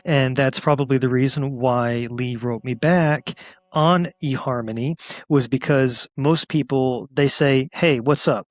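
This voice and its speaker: A man's voice: medium pitch, measured pace, dry recording, studio quality. A man co-hosting a casual podcast, talking in an easygoing, chatty way and chuckling now and then. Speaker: podcast co-host. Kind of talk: casual chat.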